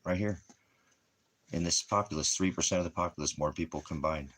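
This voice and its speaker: Host: low, husky man, rambling monologue, cracks jokes and laughs at them. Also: fairly quick, a bit bright. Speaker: internet ministry host.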